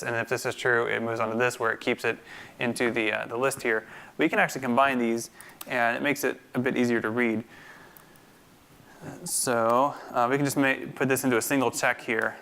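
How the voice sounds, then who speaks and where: Male instructor, screencast coding tutorial, gravelly yet crisp tone, bright voice, talks through his steps. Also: mid-range voice. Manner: thinks aloud, many fillers and restarts.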